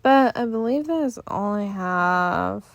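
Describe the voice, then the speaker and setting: A woman's voice: medium pitch, expressive, a little slow, creaky, dry recording, muffled recording. A tired young woman hosting a casual solo podcast into her phone, sighing and yawning as she rambles through fillers. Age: young adult. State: sleepy, yawning. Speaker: podcast host. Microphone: phone held close.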